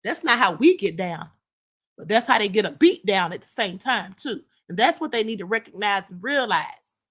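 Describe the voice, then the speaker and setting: Her voice sits at medium pitch, lively in intonation and moderate in pace, a bit bright with a breathy edge. As host of a live-stream commentary show, she talks to her chat directly, blunt and emphatic, restating her points.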